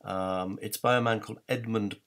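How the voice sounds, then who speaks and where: A man walks his viewers through slides in a measured, wry tone, pausing to correct himself. His voice sits very low with a gravelly edge. He poses rhetorical questions to the audience as he goes. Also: fairly even intonation, a bit bright. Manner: frequent hesitations and self-corrections. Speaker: presenter on authorship research. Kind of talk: illustrated talk walking through slides.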